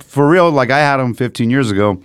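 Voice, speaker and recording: A man's voice: mid-range voice, expressive, brisk, clean tone, dry recording, clean studio sound. A man in a casual podcast chat, bantering bluntly and laid-back with plenty of swearing.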